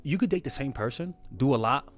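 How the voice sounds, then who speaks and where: A man's voice: mid-range voice, lively intonation, brisk, soft background music. A man talking as a dating coach in a loose, conversational monologue, restarting phrases and checking in with tag questions.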